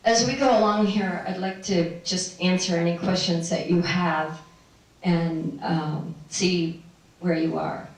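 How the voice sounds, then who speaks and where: A woman's voice: fairly low pitch, fairly even intonation, slow pace. A middle-aged woman telling a personal spiritual story to a live audience, meandering and laughing often. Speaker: spiritual speaker. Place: room with an audience. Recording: very echoey room, distant mic.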